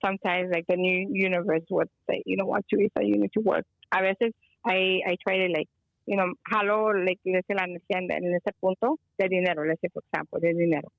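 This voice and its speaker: On a casual call-in chat, a Chicago energy healer spins a wandering story, weaving in some Spanish. Her voice is low and creaky, and she talks fast with fairly even intonation. The phone audio has no room sound and lacks high frequencies.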